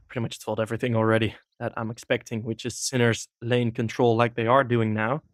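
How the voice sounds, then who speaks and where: In clean, echo-free studio sound, a solo esports caster calls a competitive shooter match. He has a medium-pitched, fairly bright voice and rambles casually between plays, using fillers and letting out small laughs.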